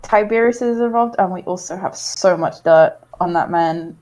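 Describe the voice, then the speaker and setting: A woman's voice: lowish voice, normal speed, a little mellow, slight background noise. A woman playing a tabletop game, stammering and giggly. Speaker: player. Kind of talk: casual tabletop role-play.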